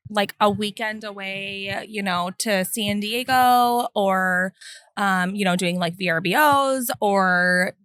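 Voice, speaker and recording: A woman in her forties, a co-parenting mom, talking reflectively in casual chat with many pauses and fillers. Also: mid-range voice, a bit bright, dry recording, studio quality.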